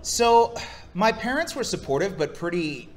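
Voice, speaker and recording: A man's voice: sits high, unhurried, slight background noise. A man, a voice actor, telling stories at a convention panel and slipping into impressions. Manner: animated storyteller, slips into impressions. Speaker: voice actor guest.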